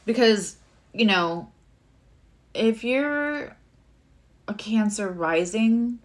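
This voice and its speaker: A woman's voice: fairly high pitch, expressive, drawn-out words. A woman giving a casual live tarot and astrology reading, chatty and rambling with many fillers and asides.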